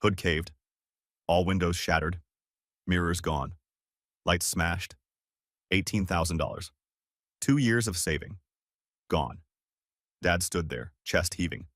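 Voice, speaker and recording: Low-voiced man narrating a dramatic story. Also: slow, long pauses, fairly bright tone, dry recording, studio quality. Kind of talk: scripted first-person narration.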